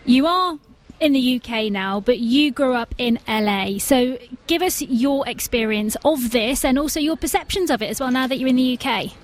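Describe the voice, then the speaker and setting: A woman hosting a radio discussion, briskly prompting guests. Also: sits high, expressive. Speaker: radio host.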